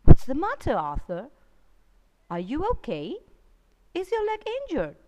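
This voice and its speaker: A woman's voice: sits high, huge pitch swings, unhurried, heavy background noise, pitched above the performer's own voice, exaggerated voice. A woman voicing a doddering, hard-of-hearing old male magician who mishears words, in a children's storybook reading. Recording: long reverb.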